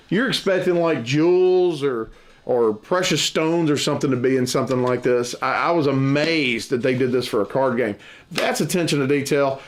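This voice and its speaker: A man hosting a board game channel, chatting to camera in a rambling, enthusiastic way, often restarting his sentences. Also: fairly high pitch. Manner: loud and boisterous at times. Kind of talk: casual chat to camera.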